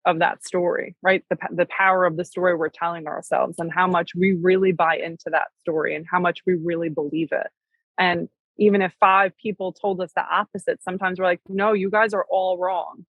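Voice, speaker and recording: A woman's voice: fairly low pitch, no room sound, phone-quality sound. A young adult woman co-hosting a casual talk show, speaking earnestly and reflectively. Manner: earnest, reflective, says "right?" and "like" often. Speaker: podcast co-host. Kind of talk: casual conversation.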